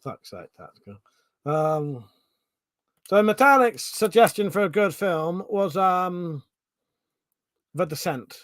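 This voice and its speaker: A man's voice: sits high, big pitch swings, slow, pauses often, fairly bright tone, dry recording. A man with a Home Counties English accent hosting a casual live stream, reading out chat questions, thinking aloud and swearing freely.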